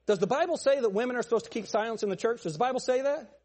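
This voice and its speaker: This pastor's sermon is pointed and emphatic, full of rhetorical questions aimed at the congregation that escalate into shouting. He speaks with an extremely high pitch and at a very fast clip.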